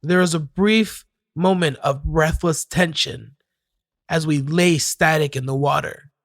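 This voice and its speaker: A man narrating a horror story in a measured, scripted storytelling manner. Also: fairly high pitch, creaky, no echo, clean studio sound. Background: faint music.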